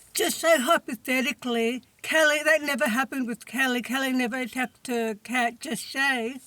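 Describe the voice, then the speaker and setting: A woman's voice: sits high, fairly bright tone, no room sound. A woman telling a storytime vlog in a chatty, rambling way, often saying "I mean". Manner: chatty, rambling, fills with "I mean" and "you see what I mean". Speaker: vlogger.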